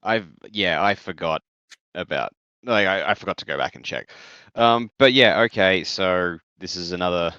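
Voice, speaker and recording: A man's voice: low voice, moderate pace, pushed and bright, clean tone, dry recording. A man co-hosting a casual book chat, blunt and opinionated, swearing casually, on a dull, dry lo-fi mic. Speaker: podcast co-host.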